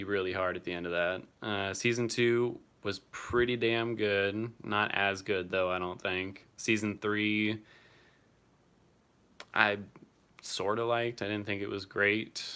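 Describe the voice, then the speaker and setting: A man's voice: lowish voice, pushed and bright, clean tone. A young man casually chatting on a livestream, answering viewers by name and swearing now and then. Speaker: streamer reading live chat.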